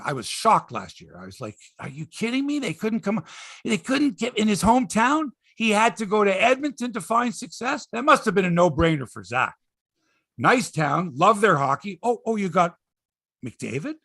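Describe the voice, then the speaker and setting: A middle-aged man hosts a sports chat with excitable, animated storytelling. His voice sits high and swings widely, with a raspy, gravelly edge. The sound is dry and close. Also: normal speed, no echo. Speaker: sports podcast host.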